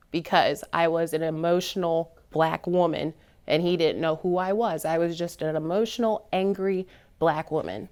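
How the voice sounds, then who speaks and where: A woman, a panel guest, telling a painful personal story in earnest, rising from quiet to heated. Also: fairly low pitch, clear, resonant tone.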